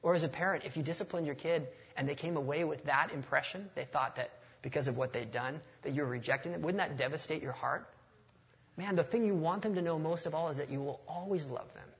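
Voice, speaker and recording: A man's voice: on the high side, fast talker, fairly bright tone. A man preaching a sermon in a conversational, storytelling way, with touches of humor and a passage read aloud.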